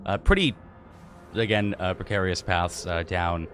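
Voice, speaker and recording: A man's voice: sits low, measured pace, soft background music. Laid-back male game master narrating. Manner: relaxed, with many fillers.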